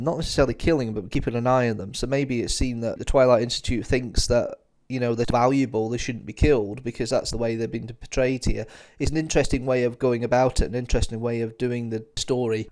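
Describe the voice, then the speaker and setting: A man's voice: mid-range voice, a little mellow. A man giving a casual spoken review of an audio drama, chatty and enthusiastic, often circling back to the same phrases. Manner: chatty, enthusiastic, repeats "nice little" and "interesting".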